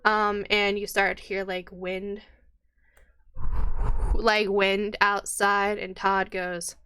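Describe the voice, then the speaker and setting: A woman's voice: mid-range voice, little pitch movement, takes it slowly, sharp tone, clear, resonant tone. A woman narrating as game master in a tabletop game, casual and chatty with many fillers.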